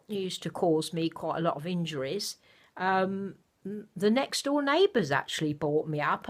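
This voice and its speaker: An older woman chatting casually to her camera at home, rambling gently with many fillers. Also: medium pitch. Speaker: vlogger. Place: home, indoors.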